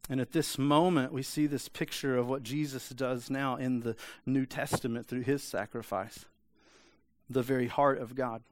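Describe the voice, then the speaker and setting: A man's voice: mid-range voice, fairly even intonation, moderate pace, no room sound. A man preaching a sermon in a conversational way, often asking the congregation for an amen. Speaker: pastor.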